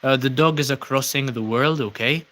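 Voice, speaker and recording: A man's voice: medium pitch, moderate pace. A young man from Malta hosting a casual livestream, reading out viewer comments with lots of ums and uhs. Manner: relaxed, many ums and uhs, thanking viewers. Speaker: livestream host.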